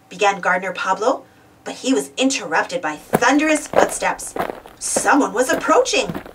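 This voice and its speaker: A woman reading a children's storybook aloud with expressive, lively narration. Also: mid-range voice, moderate pace, heavy background noise. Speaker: storybook reader. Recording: voice distant from the mic.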